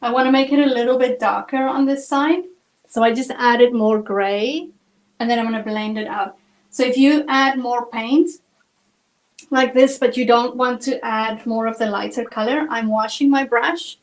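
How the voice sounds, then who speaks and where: A woman's voice: a little high, fairly even intonation, normal speed, poor audio. South African woman teaching painting live. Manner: chatty, talks through each step while painting. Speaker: painting instructor.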